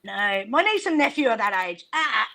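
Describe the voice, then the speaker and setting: A woman's voice: fairly high pitch, very animated, moderate pace, sharp tone. A woman chatting casually as a guest on a livestream, blunt, swearing often and laughing. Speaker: stream guest. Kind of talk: casual chat.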